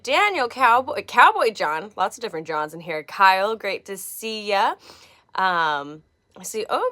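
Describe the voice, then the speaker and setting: A woman's voice: medium pitch, sharp tone. A woman hosting a live stream, chatting casually and greeting viewers by name in a bubbly way. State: slightly out of breath. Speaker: livestream host.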